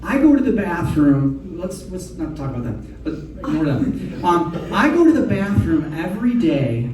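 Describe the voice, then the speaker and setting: A man's voice: on the high side, sing-song, normal speed, crowd noise. A middle-aged man hosting a comedy night, chatting and joking at his own expense. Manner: chatty, self-deprecating banter. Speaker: comedy show host. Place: live comedy show venue. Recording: echoey room mic heard from a distance with noise.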